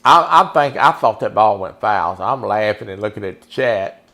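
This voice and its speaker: A man streams himself playing a baseball video game, giving folksy, chatty commentary and talking with his viewers. His voice is lowish, animated, and sharp in tone, at a moderate pace.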